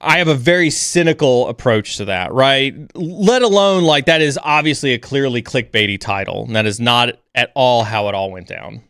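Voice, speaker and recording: A man's voice: medium pitch, expressive, moderate pace, hardly any pauses, a bit bright, clear, resonant tone, dry recording, studio quality. A man hosting a livestream chat, talking bluntly and with lots of energy, sometimes mocking others in an overreactive voice. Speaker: stream host.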